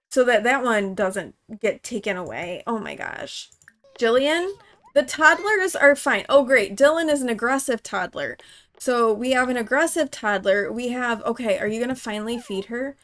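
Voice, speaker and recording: A woman's voice: a little high, expressive, normal speed, fairly bright tone. A woman hosting her own gaming channel, giving chatty let's-play commentary and talking straight to the characters in her game.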